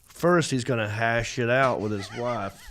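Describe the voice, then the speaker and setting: Hoarse man hosting a comedy show. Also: medium pitch, a little slow, a bit bright, slight background noise. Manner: joking, rambling storyteller. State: hoarse, scratchy throat. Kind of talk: casual comedic chat. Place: studio set with a small crew.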